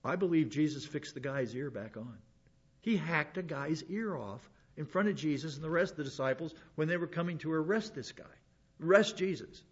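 A husky, rather high-voiced pastor speaks expressively at a moderate pace while teaching a Bible passage. He's folksy and digressive, telling personal stories and restarting as he goes. The sound is dull and lo-fi.

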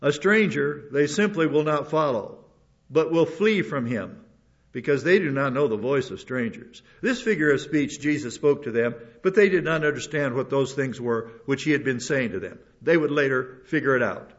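A man's voice: mid-range voice, animated, normal speed. An older man, a pastor, preaching a rambling sermon with many restarts and asides. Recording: dull lo-fi recording.

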